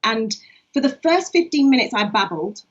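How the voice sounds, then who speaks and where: A fairly high-voiced woman talks on a video call, reflective and chatty with plenty of ums. The sound is muffled and lo-fi, as over an online stream. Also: expressive, moderate pace. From England. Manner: reflective, chatty, laughs often, many fillers. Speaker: poet and co-host. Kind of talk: casual online conversation.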